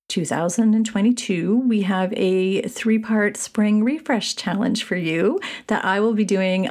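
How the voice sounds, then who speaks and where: A woman hosting her own podcast alone into a mic in a small room, chatty and upbeat, often repeating herself warmly. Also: mid-range voice. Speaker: podcast host. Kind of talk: solo podcast chat. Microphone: studio mic.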